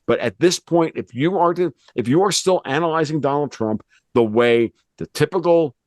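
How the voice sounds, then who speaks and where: A man's voice: a little high, normal speed, darkish tone, no room sound. A man from the United States, a political commentator who talks bluntly in a casual discussion, swearing and restarting his sentences.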